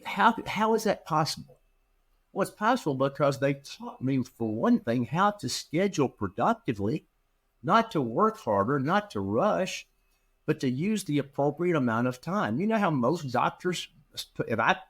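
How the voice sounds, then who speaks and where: A middle-aged man, a practice management consultant, telling stories in an interview and acting out the dialogue he quotes. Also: mid-range voice. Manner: animated, acts out quoted dialogue. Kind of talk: storytelling in an interview.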